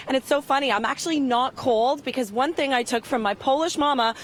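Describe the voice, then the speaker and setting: A woman's voice: sits high, brisk, few pauses, a little hiss or hum. Chatty woman giving an outdoor weather report. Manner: chatty, upbeat, jokey. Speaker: weather presenter. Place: outdoors in a snowy town.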